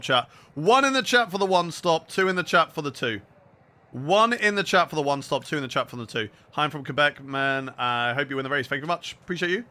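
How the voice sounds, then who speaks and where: A man from the UK streaming a racing game live, chatty and excitable, reading his chat aloud as he commentates. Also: a little high. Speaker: gaming streamer.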